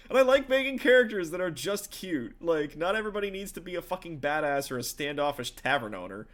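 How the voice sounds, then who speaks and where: A man's voice: fairly high pitch, sing-song, fast talker, few pauses. A man, a tabletop game master and streamer, chatting casually with viewers in a rambling, profane way full of fillers.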